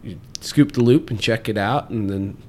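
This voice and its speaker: A man talking casually on a podcast as a fishing guide, relaxed and chatty, with quick bursts and easy laughs. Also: fairly low pitch, slight background noise.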